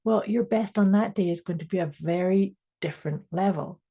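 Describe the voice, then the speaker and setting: A woman's voice: lowish voice, fairly quick, creaky, dark tone, slightly rough. A woman co-hosting a casual mindset podcast, explaining ideas step by step and laughing easily. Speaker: podcast co-host.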